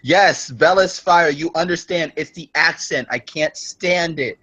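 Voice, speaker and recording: A man's voice: fairly high pitch, measured pace, pushed and bright. A man casually chatting on a group livestream, swearing often and laughing a lot in a jokingly hot-headed way. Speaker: livestream host. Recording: dull lo-fi stream audio.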